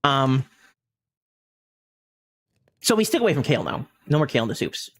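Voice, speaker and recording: Lively, animated male streamer. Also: medium pitch, normal speed. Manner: animated anecdote-telling, often breaking into laughter. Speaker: gaming streamer. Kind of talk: casual storytelling while streaming.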